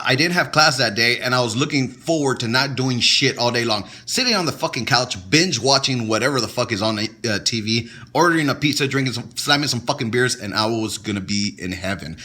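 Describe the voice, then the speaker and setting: A man co-hosting a podcast, telling stories in casual, profane, laughing chat. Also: medium pitch. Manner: profane, laughing, animated storyteller. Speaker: podcast co-host.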